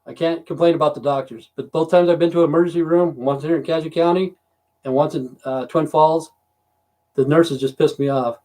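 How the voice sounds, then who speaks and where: A fairly high-pitched, dark-toned man talks fairly quickly with mostly even intonation. He's an American livestream host in his fifties or sixties, ranting casually at home, blunt and freely profane, picked up by a computer mic.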